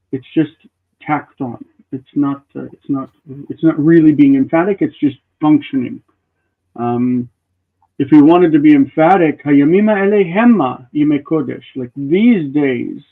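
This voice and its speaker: A man's voice: medium pitch, unhurried. A man teaching classical Hebrew grammar in a live online class, explaining at length and thinking aloud with restarts. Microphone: video call. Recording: tinny phone-like call audio.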